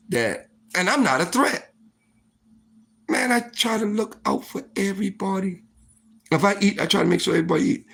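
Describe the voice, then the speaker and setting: This storytime vlogger is an animated man telling a casual story to camera in a touch-high voice that jumps around wildly. His talk is loose and full of swearing, peppered with "like" and "you know."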